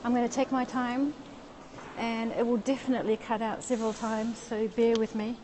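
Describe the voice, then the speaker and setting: A woman's voice: a little high, flat delivery, moderate pace. Chatty woman live-streaming on her phone. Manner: chatty, reads and answers viewer comments while walking. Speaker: livestream host. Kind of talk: casual live-stream chat. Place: outdoors then climbing a stone stairwell. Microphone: phone held in hand. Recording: noisy street and stairwell sound.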